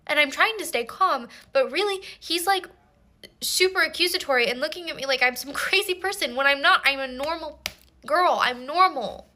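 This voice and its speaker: A woman's voice: high-pitched, moderate pace, sharp tone. A young woman telling a comedic storytime in a mock-earnest, rambling way full of restarts. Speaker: TikTok storyteller.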